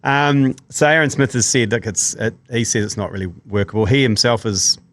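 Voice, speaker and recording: A man's voice: medium pitch, a bit bright, dry recording. Laid-back New Zealand man, dry sound. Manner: laid-back, laughs often, quick asides. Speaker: podcast host. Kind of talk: casual sports banter.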